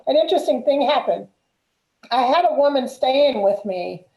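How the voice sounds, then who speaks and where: A woman's voice: high-pitched, expressive, normal speed, dark tone. A woman guest in a casual conversation, speaking in an affirming way and telling personal stories. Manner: affirming, tells personal anecdotes. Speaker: guest healer. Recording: roomy echo.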